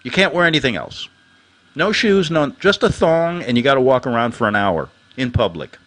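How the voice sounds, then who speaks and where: A man hosting his own talk show, ranting with a lively, swooping pitch. He is sarcastic and jumps from loud outbursts to low mutters. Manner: animated, sarcastic, quick swings between shouting and muttering. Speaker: host.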